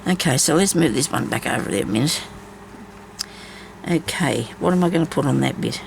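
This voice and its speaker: A woman's voice: deep voice, animated, fairly quick, gravelly, slight background noise, low-quality recording. A woman chats casually while she embroiders, rambling from story to story with many asides. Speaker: craft vlogger.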